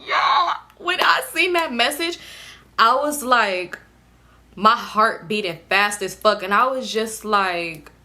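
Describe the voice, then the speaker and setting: A young woman vlogger casually telling viewers a storytime, animated and slangy, indoors at home under a ring light. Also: mid-range voice, slow.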